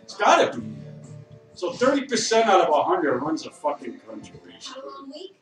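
Man at a bar, profane rambling rant with sudden shouts, lively pitch, recorded from a distance in a roomy space. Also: moderate pace. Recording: echoey room, distant mic, faint music.

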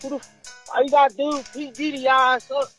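A woman's voice: high-pitched, flat delivery, brisk, fairly bright tone. A woman from California calling into a comedy show, talking in a sassy, mocking way. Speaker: caller. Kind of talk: call-in banter. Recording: music in the background.

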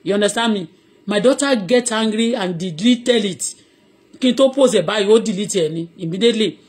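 Speaking a little fast with a medium pitch, this woman's voice is slightly rough and a little mellow. She is a middle-aged Nigerian, Yoruba by first language, ranting heatedly and at length on her live audio blog while switching between Yoruba and English.

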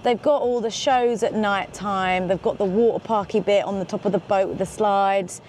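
An excitable, chatty woman vlogging from a moving car, swearing casually as she talks. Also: medium pitch, normal speed. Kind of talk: casual road-trip chat. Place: in a car on the road. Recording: road noise behind. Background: car and road noise.

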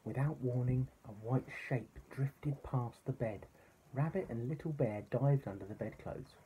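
Warm-voiced dad reading a bedtime story. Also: male voice, medium pitch, measured pace, a little hiss or hum, low-quality recording. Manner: gentle, expressive storytelling. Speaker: parent reading to his son.

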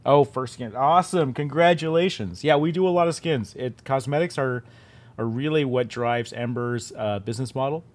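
A man's voice: medium pitch, normal speed. Streamer host, male, casual and loose, restarts and repeats mid-sentence. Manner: chatty, self-interrupting, repeats words. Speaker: game studio head hosting a stream. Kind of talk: casual live-stream chat.

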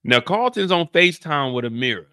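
A man hosting a casual TV recap, animated and slangy, often laughing. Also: on the high side, fairly quick, no echo, clean studio sound. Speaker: show recap host. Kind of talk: casual commentary.

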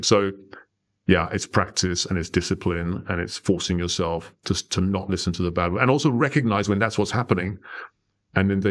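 A man's voice: low-pitched, quick pace. A middle-aged man on a podcast, telling a story in a conversational way and often checking in with "right?". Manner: animated storyteller, tags lines with "right?". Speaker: podcast guest.

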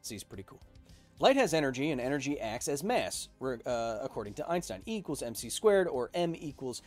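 A man in his thirties hosting a live stream, reading chat questions aloud and explaining science in an energetic way. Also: mid-range voice, fairly quick, faint music behind. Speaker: host.

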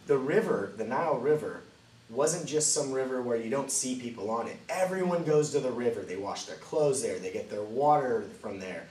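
A man teaching a children's Bible lesson as a lively storyteller, swinging between loud and hushed delivery. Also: medium pitch, normal speed. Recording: roomy, distant mic, faint ambient noise.

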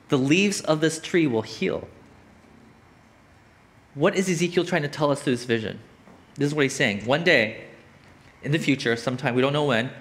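A man's voice: on the high side, fairly bright tone. A man preaching a sermon as a pastor, in a casual, conversational way with frequent "like" and "right?".

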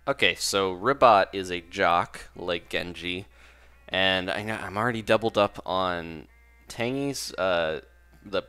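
This let's play host is a young man with a low, smooth voice that sounds pushed and bright. He keeps up loose, rambling commentary as he plays, often laughing and doubting his own choices.

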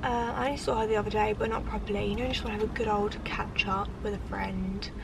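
A woman's voice: medium pitch, steady tone, quick pace, vocal fry, background noise. A woman, vlogging casually to the camera, chatty and rambling with lots of fillers, and tired. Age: 20s. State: tired, yawning. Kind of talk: casual vlog chat to camera. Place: outdoors at a shopping area.

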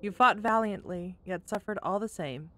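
A woman reading aloud the lines of a gentle spirit of death from a video game, in a slow, hushed, solemn voice. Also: mid-range voice, a little hiss or hum, close to an everyday voice.

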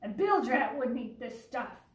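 A woman voicing a blustery, loud male pirate captain in a read-aloud picture book, bellowing hearty pirate talk. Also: fairly high pitch, lively intonation, measured pace, far from the mic. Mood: gruff. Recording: roomy sound from away from the mic.

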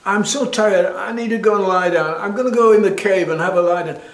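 A man's voice: high-pitched, brisk. Man doing a tired, pleading older king, storybook telling, echoey room. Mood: weary. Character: weary older male king, suspicious then humbled.

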